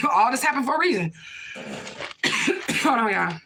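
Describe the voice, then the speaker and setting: A woman's voice: fairly high pitch, very animated, a little slow, long pauses, bright, forceful tone, a little hiss or hum. Blunt, profane woman card reader. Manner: blunt, profane, repeats "okay?" and "period, point blank". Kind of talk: casual live-stream talk.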